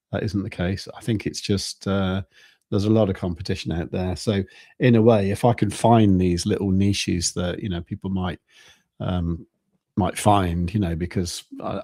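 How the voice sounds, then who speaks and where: Low-voiced man rambling casually. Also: mellow, dry recording, studio quality. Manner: rambling, halting, with many restarts and fillers. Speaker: crypto trading channel host. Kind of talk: casual live-stream chat.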